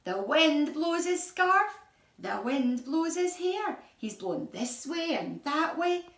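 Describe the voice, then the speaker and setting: A woman reads a picture book aloud to little children, her high voice swooping up and down in sing-song storytelling. She takes her time with the words. The sound is echoey, and she is a little way off from the mic. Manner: animated, sing-song storytelling with gasps and questions. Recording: echoey room, voice from a distance.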